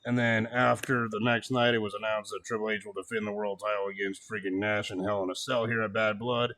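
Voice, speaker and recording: Brief: male co-host, bright tone, animated casual recap, swears, laughs a lot. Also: on the low side, brisk, slight background noise. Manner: animated, swears, laughs often, mocks quotes. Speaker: podcast co-host. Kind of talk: casual wrestling review chat.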